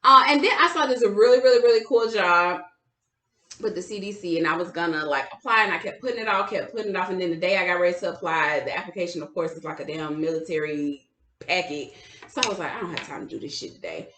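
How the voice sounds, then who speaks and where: A woman's voice: fairly low pitch, fast talker, bright, forceful tone. Candid woman podcaster, echoey room. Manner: candid, profane storytelling. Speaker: podcast co-host. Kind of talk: casual chat.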